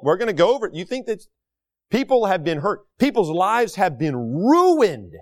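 A talk show host with a fairly high voice delivers an indignant opinion monologue. His pitch swings widely, and he hammers his points home with rhetorical questions and repetition. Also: sing-song, moderate pace.

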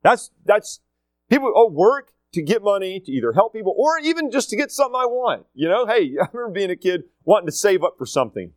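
This middle-aged man, a school leader, talks quickly in a high, sing-song voice with no echo. He addresses students casually but forcefully, hammering his main points through repetition and performing the quotes he cites.

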